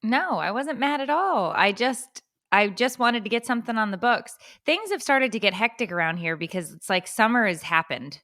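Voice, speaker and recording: A woman's voice: fairly high pitch, animated, fairly bright tone. A woman co-hosting a parenting podcast, chatting casually with a teasing, joking manner. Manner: teasing, quick to laugh. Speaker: podcast co-host.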